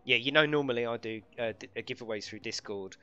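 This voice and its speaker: A man's voice: mid-range voice, fast, pushed and bright, clean tone, highs cut off. A man streaming a racing game live, chatting casually with viewers and friends, swearing lightly and laughing often.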